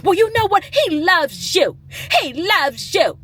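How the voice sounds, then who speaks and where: A woman imitating her pushy, sweet-talking middle-aged aunt in a high, sing-song, insistent voice. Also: sing-song, slow pace, a bit bright, full character voice.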